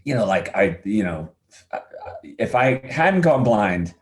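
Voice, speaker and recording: Animated storytelling man with a low voice. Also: slow. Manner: animated storyteller, acts out quoted voices, laughs easily. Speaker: podcast guest, adventurer. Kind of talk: casual storytelling interview.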